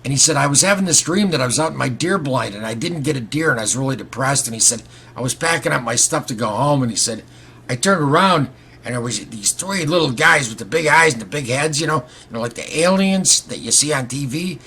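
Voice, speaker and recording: A man's voice: mid-range voice, expressive, brisk, pushed and bright, breathy edge. A middle-aged man vlogging, telling a long story in a rambling, wry, conversational way and acting out the quoted dialogue. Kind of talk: casual storytelling to camera.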